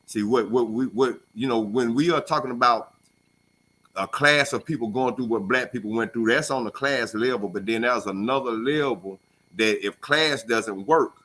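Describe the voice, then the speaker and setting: Bright-voiced man telling stories on radio. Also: medium pitch, normal speed. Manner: animated storyteller, acts out voices. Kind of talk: casual talk radio discussion. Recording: call-in radio show studio.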